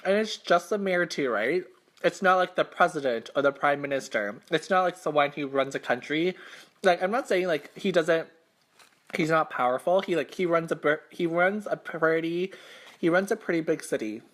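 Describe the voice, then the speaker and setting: A man's voice: a little high, normal speed, a bit bright. A young man hosting an eating show, telling a casual story between bites in a rambling, filler-heavy way, self-conscious and embarrassed. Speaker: mukbang host.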